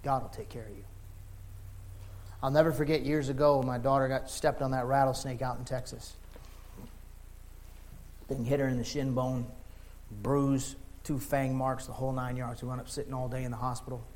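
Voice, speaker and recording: A middle-aged man preaching a sermon in folksy, informal words, moving from quiet talk to impassioned shouting. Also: medium pitch, flat delivery, normal speed, long pauses.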